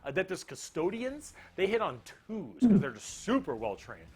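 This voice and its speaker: A man's voice: high-pitched, huge pitch swings, normal speed, breathy edge. A man narrating a casual comedic explainer with lots of energy, joking and swearing freely.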